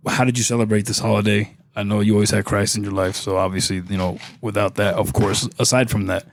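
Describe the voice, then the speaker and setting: A man's voice: on the low side, level tone, quick pace, gravelly. A man hosting a casual podcast chat, upbeat and joking, laughing often between lines. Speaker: podcast host.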